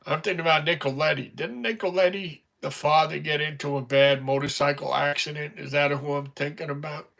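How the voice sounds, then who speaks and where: A man's voice: fairly high pitch, fairly even intonation, a little fast, creaky, hardly any pauses, a bit bright. A middle-aged man hosting a casual livestream, rambling through stories. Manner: rambling, chatty storytelling. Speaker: livestream host.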